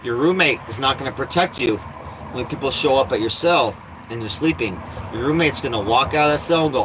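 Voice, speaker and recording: This RV vlogger speaks at medium pitch, animated and brisk, with background noise behind him. His casual, rambling talk is blunt and full of profanity, and he coos baby talk at his cats.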